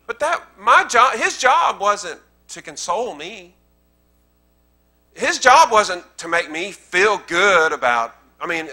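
A man's voice: high voice, pushed and bright. A man with a Southern American accent preaching a sermon in a church, talking plainly to the congregation and building to emphatic, repeated lines. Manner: conversational preaching that swells into emphatic repetition. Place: church sanctuary.

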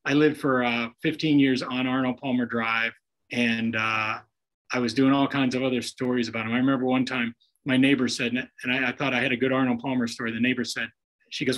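A man's voice: medium pitch, flat delivery, brisk, fairly bright tone, rough recording. A man on a video call telling folksy stories, acting out the people in them. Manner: folksy anecdotes with acted-out quotes. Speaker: guest author telling stories.

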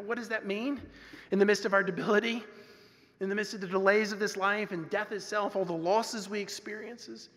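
A male pastor preaching a sermon earnestly, moving between loud emphasis and hushed softness. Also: high-pitched. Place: church sanctuary. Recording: long reverb of a church sanctuary.

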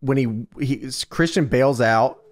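A man's voice: mid-range voice, a little slow. A man co-hosting a podcast, walking through a wrestling show with enthusiastic play-by-play and casual swearing. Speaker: podcast co-host. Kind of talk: casual chat recapping wrestling.

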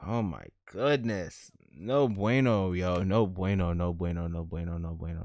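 Brief: male gaming host with a low voice, dry close mic, casual slangy commentary. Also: normal speed, no room sound. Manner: animated, slangy, laughs at his own jokes. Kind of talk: casual let's-play commentary.

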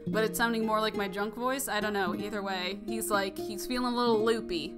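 A young woman hosting a let's play, reacting to the story in an expressive, gushing way. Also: medium pitch, a little fast. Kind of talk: emotional gameplay commentary. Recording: music playing underneath.

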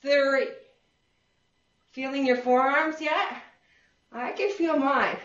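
A woman's voice: high-pitched, slow, a bit bright. A woman fitness instructor leading a workout class, counting reps, giving cues and whooping to encourage. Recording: roomy, distant and dull.

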